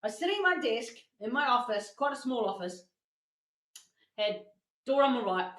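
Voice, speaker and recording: Animated woman presenter in an echoey room. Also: fairly high pitch, moderate pace. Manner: animated storytelling with acted-out quotes. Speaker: workshop presenter. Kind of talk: motivational masterclass talk.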